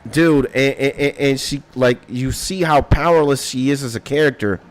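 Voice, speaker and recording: Excited, slangy young man streaming. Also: mid-range voice, normal speed. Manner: excited, swears a lot, slangy. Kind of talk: casual gaming stream chat.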